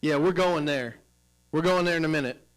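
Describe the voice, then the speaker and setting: A man's voice: a little high, brisk, poor audio. A middle-aged man leading a teacher training workshop, firing questions at staff seated at tables and coaxing answers out of them. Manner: energetic, questioning, coaxing the audience. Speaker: professional development presenter.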